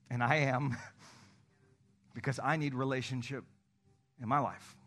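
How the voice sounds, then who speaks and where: A male pastor giving a conversational sermon in a medium voice, neither high nor low. He tells candid, self-deprecating stories and acts out bits of them, then eases into a quiet, slower prayer. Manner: acts out phone calls in animated voices; softens to a hushed, slow tone in prayer.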